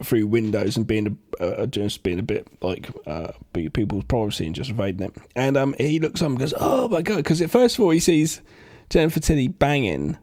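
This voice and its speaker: A man's voice: on the low side, a little mellow, no echo, clean studio sound. A man co-hosting a podcast, rambling through film scenes in casual chat, with many restarts. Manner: rambling, full of fillers and restarts. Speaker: podcast co-host.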